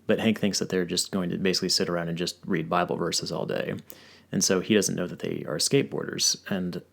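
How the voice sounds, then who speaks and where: A man's voice: deep voice, steady tone, brisk, creaky. A male podcast host chatting casually, rambling through long stories with lots of fillers and restarts. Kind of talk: casual chat.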